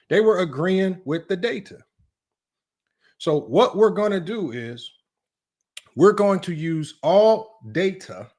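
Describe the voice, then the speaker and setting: Man, fairly high voice, sports debate stream host, emphatic, repetitive, argumentative. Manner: emphatic, repetitive, keeps asking "right?". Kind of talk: livestream sports commentary.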